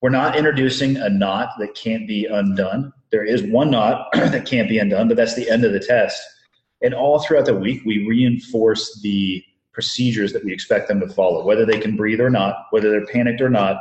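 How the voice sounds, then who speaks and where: A man calmly explaining as a guest, measured and precise. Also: on the low side, highs cut off. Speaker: former dive instructor guest. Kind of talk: casual interview chat. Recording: echoey room.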